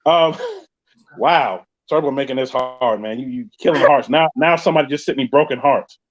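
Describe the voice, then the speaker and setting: A man's voice: medium pitch, normal speed. Chatty New York man, lo-fi sound. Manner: chatty, joking, reads viewer comments aloud. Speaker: podcast host. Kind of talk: casual live-stream chat reading comments. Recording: dull lo-fi sound.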